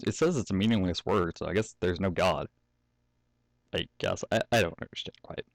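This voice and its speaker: Deep and gravelly, this young man's voice moves at a moderate pace as he reads fan fiction aloud at home, often pausing to joke, swear and laugh. There's no room sound, and the recording is rough.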